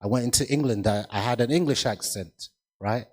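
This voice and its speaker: A man speaks on a literary festival panel, emphatic and given to repeating himself as he builds a point. His mid-pitched voice rings out with a long hall reverb, as if from a large room. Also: fairly quick. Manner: emphatic, repeats words, asks "does that make sense?". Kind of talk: panel discussion talk.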